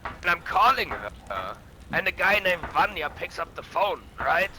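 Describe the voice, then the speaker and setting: A man with a high, sharp and forceful voice roleplays a bandit boss over game voice chat. He rambles through his tale, swearing freely and boasting, with a faint hiss of noise underneath. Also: lively intonation, a little slow, poor audio. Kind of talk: in-character roleplay storytelling.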